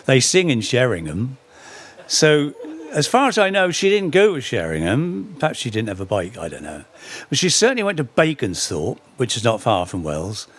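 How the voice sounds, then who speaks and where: Lively middle-aged man telling stories. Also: medium pitch, normal speed. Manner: lively storyteller with dry humour and self-corrections. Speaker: speaker giving a public talk. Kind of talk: anecdotal lecture on local folk history.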